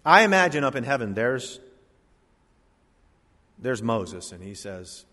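A male pastor delivers a sermon with dramatic pauses and pushes his phrases up in force. His pitch swings widely and stays animated from line to line. The sound rings out with a long reverb from the church sanctuary. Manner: preaching with swelling emphasis and dramatic pauses.

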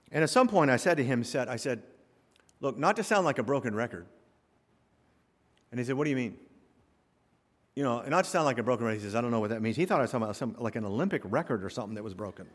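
A male pastor preaching a sermon, swinging from quiet asides to loud, rising exhortation. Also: mid-range voice. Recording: long hall reverb.

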